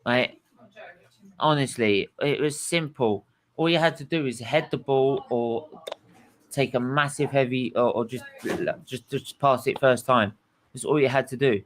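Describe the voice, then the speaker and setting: A man's voice: medium pitch, unhurried, a little hiss or hum, rough recording. A man hosting a casual football reaction chat, blunt and sweary, rambling with restarts. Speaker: host.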